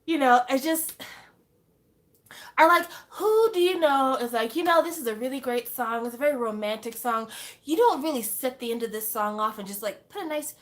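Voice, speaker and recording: A young woman talking casually to camera as a fan, animated and exclaiming, full of rhetorical questions. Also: high-pitched, normal speed. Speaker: fan vlogger.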